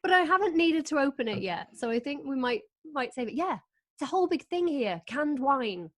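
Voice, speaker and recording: Lively, laughing woman chatting on a video call. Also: sits high, a little fast. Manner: lively anecdotal storytelling, laughing often. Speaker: host and author. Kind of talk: casual chat over video call.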